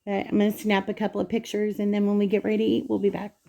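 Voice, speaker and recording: A woman's voice: mid-range voice, monotone, racing, gravelly, warm tone. A woman hosting a casual home cooking vlog in her kitchen, chatting straight to viewers as she cuts food open and tastes it.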